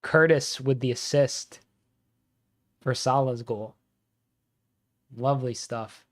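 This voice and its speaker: A man streaming live football watch-along commentary, reacting excitedly as a fan and chatting with viewers. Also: mid-range voice, slow pace.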